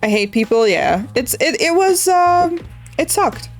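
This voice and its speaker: A woman's voice: high-pitched, big pitch swings, unhurried, soft background music. A young woman streamer from the Netherlands, casually rambling through a story while drawing, swearing freely. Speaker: art streamer.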